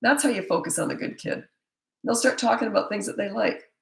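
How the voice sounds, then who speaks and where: A woman's voice: mid-range voice, a little fast, creaky. A middle-aged woman, a parenting coach, answering viewer questions in a blunt, emphatic and opinionated way. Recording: echoey room.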